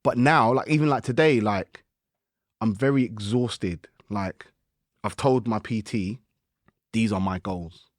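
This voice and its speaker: A man, a guest musician on a podcast, telling stories in lively slang and acting out his own inner voice. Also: on the low side, unhurried, dry recording, clean studio sound. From United Kingdom. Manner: animated storytelling with slang and acted-out self-talk. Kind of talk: casual podcast conversation.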